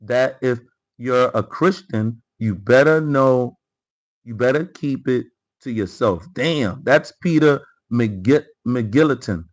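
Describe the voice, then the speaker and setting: A man's voice: mid-range voice, takes it slowly, rough recording. A man hosting a live political commentary stream. He reads chat comments aloud, repeats phrases and talks straight to his viewers. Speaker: livestream host.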